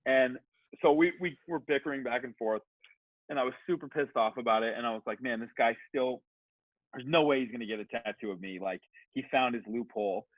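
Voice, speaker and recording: A man on a podcast, telling a long story in a casual, animated, rambling way, swearing freely and saying "like" a lot. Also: medium pitch, brisk, no echo. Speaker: podcast guest. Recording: tinny phone-like sound, dry.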